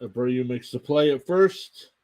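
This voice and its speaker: Young male stream host, steady play-by-play caller, mid-pitch voice. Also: unhurried. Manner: steady play-by-play, reads out scores and thanks viewers. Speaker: live stream sports commentator. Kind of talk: live play-by-play reaction commentary.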